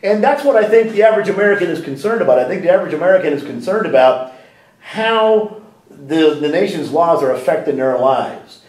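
A man's voice: a little high, animated, brisk, a little mellow, reverberant, distant mic, poor audio. A man giving a sit-down interview in a library room, talking animatedly with frequent restarts and rhetorical questions. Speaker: interview guest.

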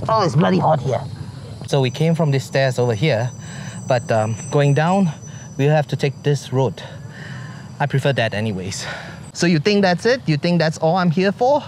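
A man's voice: a little high, lively intonation, moderate pace, darkish tone, a little hiss or hum. A man talking to his viewers while hiking outdoors, out of breath, joking and complaining as he climbs. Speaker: vlogger. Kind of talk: casual hiking vlog. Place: outdoors on a forest trail.

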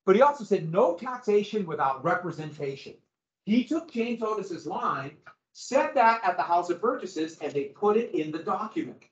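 A man teaching a history class, lecturing in an animated way and quizzing his students as he goes. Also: high voice, normal speed. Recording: echoey room, dull lo-fi sound.

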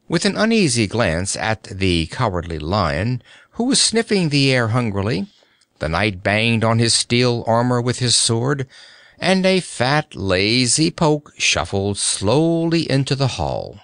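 Man reading a kids storybook out loud, slow, voice goes all over, dry close mic. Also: mid-range voice, no echo. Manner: expressive, deliberate reading. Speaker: audiobook narrator. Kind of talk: storybook narration.

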